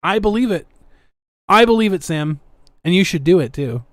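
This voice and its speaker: A woman's voice: on the low side, lively intonation, moderate pace, no room sound. A woman hosting a podcast, ranting in a sarcastic, defiant way as she comments casually. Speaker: podcast host.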